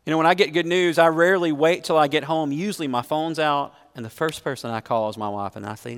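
A man's voice: fairly high pitch, a little fast, clean tone. A middle-aged man preaching a sermon as pastor, earnestly putting questions straight to his congregation. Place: church sanctuary. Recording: long reverb of a large hall.

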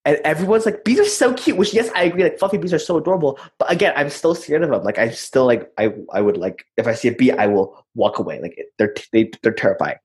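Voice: mid-range voice, quick pace, few pauses, breathy edge. A young adult in a casual chat, telling stories with lots of fillers and restarts. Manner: animated storyteller, many fillers.

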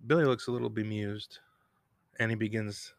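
A man's voice: on the low side, moderate pace, fairly bright tone, no echo, studio quality. A man casually recapping a TV episode on his own, rambling, joking and laughing at himself. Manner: self-deprecating, rambling, laughs at own jokes. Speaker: podcast host recapping an episode. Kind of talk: casual solo recap with jokes. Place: home recording room, cat bell nearby.

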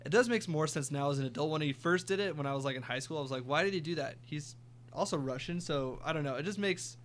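A man's voice: on the high side, quick pace, a little hiss or hum. A young man co-hosting a sports podcast, casually reeling off stats and teasing. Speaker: podcast co-host.

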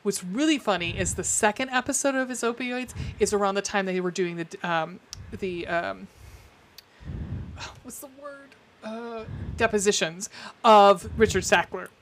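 A woman's voice: mid-range voice, moderate pace, a bit bright, a little hiss or hum. A woman co-hosting a podcast in casual chat, rambling with fillers and restarts. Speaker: podcast co-host.

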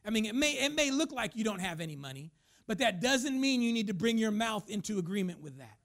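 A man's voice: high-pitched, very animated, a little fast, fairly bright tone. A man preaching a sermon as pastor, emphatic, now and then acting out the voices of the people he talks about.

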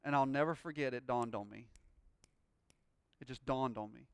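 A man preaching a sermon, telling a personal story and rising into loud, joyful praise. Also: medium pitch, normal speed, vocal fry, clean tone, no room sound. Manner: exuberant, shouting praise. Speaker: pastor.

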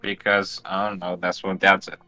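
A man's voice: sits low, monotone, moderate pace, bright, forceful tone, soft background music, poor audio. A young man in casual joking chat, doing a movie commentary with friends. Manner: jokey, laughing, playful bits.

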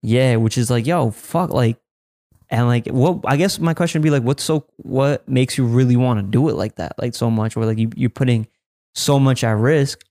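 A man's voice: mid-range voice, normal speed, mellow, no room sound, clean studio sound. A man hosting a casual podcast chat, agreeable and profane, asking loose questions.

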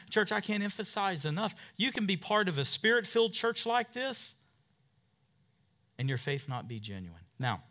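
A middle-aged male pastor preaches an emphatic sermon in a medium-pitched voice that sounds pushed and bright, calling for amens from the congregation in call-and-response fashion.

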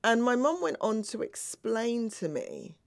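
A woman's voice: a little high, lively intonation, measured pace, no echo. A middle-aged woman telling a personal story earnestly and acting out remembered conversations. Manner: earnest, acts out remembered dialogue. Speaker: speaker.

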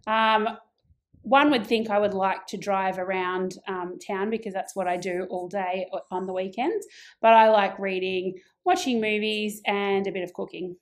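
A woman's voice: medium pitch, steady tone, moderate pace. An Australian woman in her forties, a primary school teacher answering interview questions in a friendly, lightly joking way. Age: 40s.

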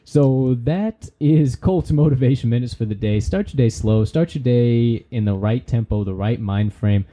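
A man's voice: mid-range voice, moderate pace, few pauses, dark tone. A man hosting a podcast, giving a casual, preachy motivational talk with folksy slang and the odd swear word. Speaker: podcast host.

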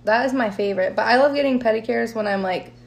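Woman, thirties, high pitch, casual podcast co-host, laughs through stories, swears. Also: fast talker, creaky. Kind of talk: casual chat.

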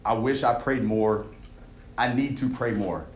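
A man's voice: medium pitch, unhurried, slight background noise. Young guy coach preaching hard, keeps asking all right?, echoey room. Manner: emphatic, conversational preaching with frequent "all right?" check-ins. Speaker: coach leading a devotional. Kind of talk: sermon.

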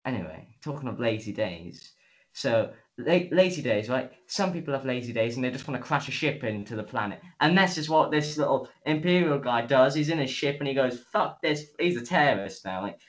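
Speaking a little quickly in a mid-range voice, a man co-hosting a podcast gives a casual, lively rundown of a show's episode, performing quotes and cursing freely. The recording is low quality.

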